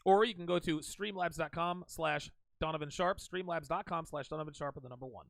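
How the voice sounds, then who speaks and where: A man's voice: fairly high pitch, fairly quick, vocal fry, dry recording. A man hosting a reaction commentary show, talking back at a clip in a mocking tone.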